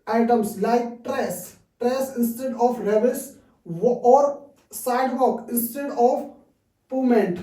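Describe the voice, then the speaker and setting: A man teaching an English lesson from slides, halting often with restarts and frequent "okay" fillers. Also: very high-pitched, dark tone. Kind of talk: reading through lesson slides. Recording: roomy echo, distant mic.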